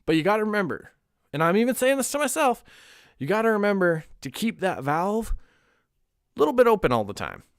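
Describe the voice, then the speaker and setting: A man's voice: high voice, sing-song, a little fast, clean tone, no echo, studio quality. A young man chatting casually on a livestream, candid and rambling, swearing now and then and laughing often. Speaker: streamer.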